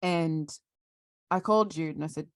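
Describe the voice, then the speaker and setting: A woman's voice: low-pitched, moderate pace, dry recording, clean studio sound. An Australian woman co-hosting a casual podcast, ranting through a story and acting out both sides of the conversations in it. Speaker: podcast co-host. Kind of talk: casual chat.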